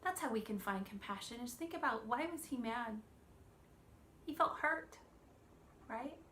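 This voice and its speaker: A woman in her thirties giving a children's church lesson, gentle and expressive, asking the children questions. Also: fairly high pitch, a little slow, slight background noise.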